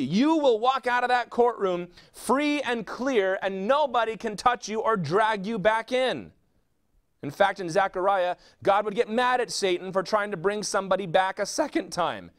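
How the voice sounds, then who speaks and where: Male pastor, sermon delivery, a high voice that swings widely, fires off rhetorical questions. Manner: preaching with rhetorical questions and quick answers.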